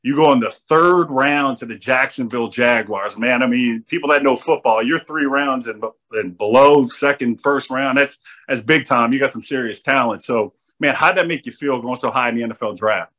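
A man hosting a casual interview, friendly and quick to laugh, saying "man" a lot. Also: mid-range voice, sharp tone. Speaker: podcast host, former college football player.

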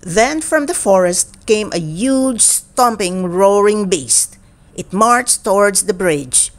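A woman reading a children's picture book aloud in an expressive storytelling manner. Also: mid-range voice. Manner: slow, expressive and animated reading. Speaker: storybook reader.

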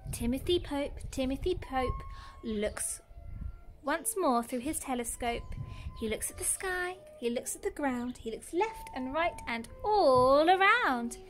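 Woman, nursery teacher, storybook reading for little kids, slow and unhurried, gasps a lot. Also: sits high, noisy background. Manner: animated, gasping, exaggerated storyteller. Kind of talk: reading a picture book aloud to young children.

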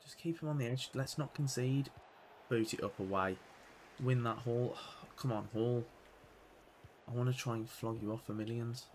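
Excitable man commentating his own gameplay. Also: medium pitch, moderate pace, pauses often, slight background noise. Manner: excitable, swings from muttering to loud outbursts. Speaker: gaming YouTuber playing career mode.

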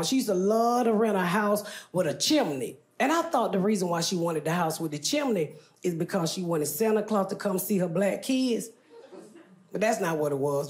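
A woman from Atlanta, doing a stand-up set with loud, profane storytelling and shouted punchlines. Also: medium pitch. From Atlanta, USA. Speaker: stand-up comedian. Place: large comedy venue with audience. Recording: echoey venue with audience noise. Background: audience laughter.

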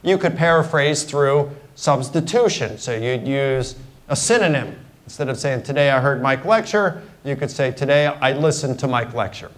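A man's voice: mid-range voice, normal speed, low-quality recording. Middle-aged guy guest lecturing students, chatty, walks through examples one by one. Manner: conversational, explains with examples. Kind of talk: university lecture. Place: lecture hall.

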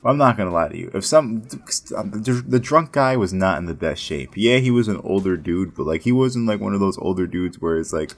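A man's voice: low voice, fairly quick. A man casually telling a story about his work as a casino dealer, rambling and profane, with many restarts.

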